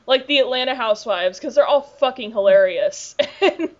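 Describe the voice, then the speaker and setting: A woman's voice: on the high side, normal speed. Chatty, profane woman podcast host. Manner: chatty, profane, filler-heavy with "like". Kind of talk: casual chat. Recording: dull lo-fi podcast audio.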